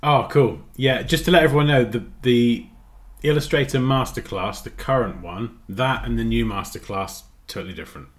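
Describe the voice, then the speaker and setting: A man's voice: mid-range voice, normal speed. A man chatting casually on a design livestream, rambling and muttering as he works. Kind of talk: casual livestream chat while editing.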